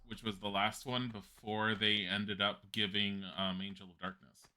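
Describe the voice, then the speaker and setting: A man streaming a game live with a very bright, forceful voice. He rambles casually through his commentary, laughs often, and swears without a second thought. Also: on the low side, flat delivery, unhurried.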